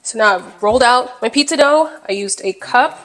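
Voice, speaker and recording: A woman's voice: fairly high pitch, lively intonation, normal speed, fairly bright tone, faint music behind. A woman hosting a home cooking video, walking viewers through a recipe in a chatty, upbeat way. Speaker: home cook host. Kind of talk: casual cooking demonstration.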